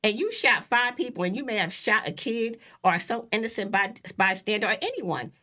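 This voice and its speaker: A woman's voice: mid-range voice, normal speed. A middle-aged woman co-hosting a podcast, talking bluntly and emphatically in casual chat. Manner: emphatic, blunt, animated storytelling. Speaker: podcast co-host.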